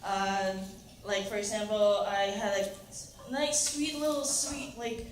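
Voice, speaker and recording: A young woman doing a stand-up comedy set in a comedy club, chatty and halting with many fillers and laughs. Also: mid-range voice, fairly even intonation, distant mic. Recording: echoey club room with noise.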